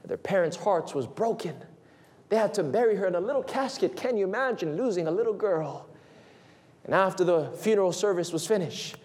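A man preaching an evangelistic sermon in an earnest way, often dropping to a hush as he addresses his listeners as friends. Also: high-pitched. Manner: earnest, drops to a hushed tone on "friends".

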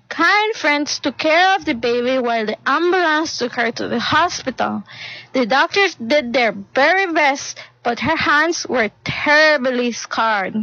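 A woman reading a story aloud in an earnest, expressive way. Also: high-pitched, dry recording, lo-fi sound.

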